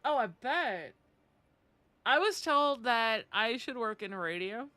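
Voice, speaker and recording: Bright-voiced chatty woman streaming a game. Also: on the high side, animated, slow pace, dry recording. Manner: chatty, acts out anecdotes in quoted voices. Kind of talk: casual gaming stream chat.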